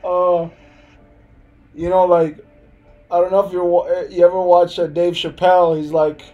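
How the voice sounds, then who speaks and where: A man's voice: high voice, flat delivery, unhurried, dull audio, faint music behind. Laid-back young man. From Hempstead, New York. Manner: loose, rambling, laughs often, answers chat. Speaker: live streamer. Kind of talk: casual live-stream chat.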